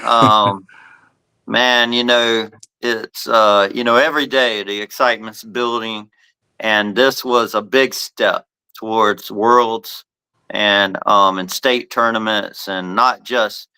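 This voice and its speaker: A male host with a bright, forceful voice that comes across smooth and resonant. He keeps the chat casual, teasing his guest and laughing easily between lines. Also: lowish voice, steady tone, slow pace, rough recording. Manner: jokey, teasing, laughs often.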